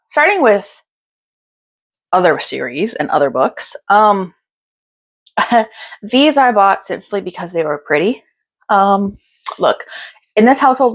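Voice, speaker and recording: A young woman chatting casually through a book haul, bubbly and gushing, tired and a little out of breath. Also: mid-range voice. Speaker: book vlogger.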